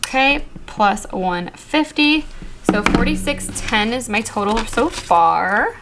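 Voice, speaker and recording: A young woman vlogging casually about her savings, counting bills aloud in a quick murmur and chatting in a flustered, excited way. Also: on the high side, very noisy. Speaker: budgeting vlogger.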